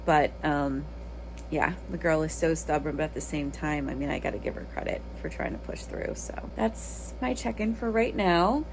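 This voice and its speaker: A woman's voice: low voice, normal speed, background noise. A woman, a mother chatting casually to her viewers in a home vlog, rambling and talking straight to the camera. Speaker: lifestyle vlogger and mother.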